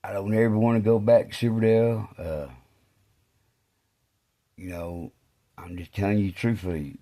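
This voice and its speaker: A middle-aged man telling rambling, casual stories, full of fillers like "man" and "you know," and turning low and quiet when he speaks of faith. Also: fairly even intonation, normal speed.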